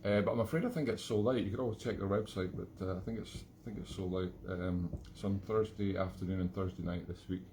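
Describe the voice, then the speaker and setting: A Scottish man with a fairly low voice rambles cheerfully between tunes at an online gig. He pokes fun at himself and jokes as he goes, speaking from home in his flat. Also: fairly quick, few pauses, slight background noise. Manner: rambling, self-mocking and jokey. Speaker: accordion player hosting a live online gig. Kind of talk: casual chat between tunes.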